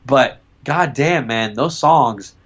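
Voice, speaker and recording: A man's voice: medium pitch, slow pace, husky, lo-fi sound. A young man co-hosting a podcast in casual chat, rambling through stories and swearing freely. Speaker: podcast co-host.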